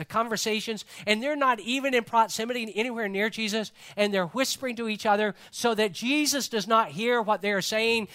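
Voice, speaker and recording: A man preaching a sermon in an earnest manner, repeating key phrases and dropping to a hushed voice when he quotes others. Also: sits high.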